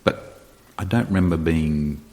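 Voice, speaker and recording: A middle-aged man, a retired soldier, telling stories in a relaxed, conversational way as a podcast guest. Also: extremely low pitch, measured pace. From Australia. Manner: relaxed storyteller, retells dialogue, light laughs. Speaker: guest, retired special forces sergeant major. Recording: reverberant room.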